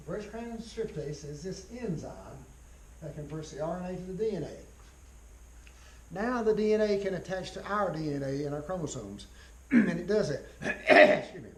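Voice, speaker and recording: A man giving a college biology lecture in a folksy way, repeating key phrases, spelling out terms slowly and often clearing his throat. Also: sits high, expressive, slight background noise, rough recording.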